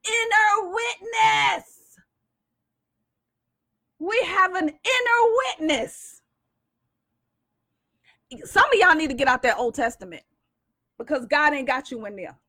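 A woman's voice: sits high, bright, forceful tone. A woman co-hosting a faith discussion, speaking in an emphatic preaching style with call-and-response. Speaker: co-host.

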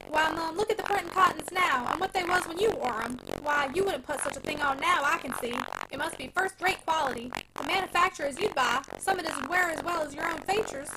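A woman voicing a cheeky country packman who flatters in rustic dialect. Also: very high-pitched, brisk, vocal fry, few pauses, heavy background noise, heavily acted. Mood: wheedling. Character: sly flattering rural packman, cheeky young man.

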